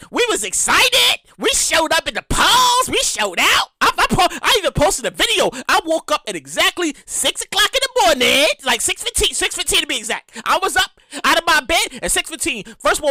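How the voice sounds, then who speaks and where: A woman with a New York accent hosting a podcast, telling stories in a casual, animated, profane way with exaggerated reenactments. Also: sits high, no room sound. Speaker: podcast host. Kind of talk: casual storytelling monologue.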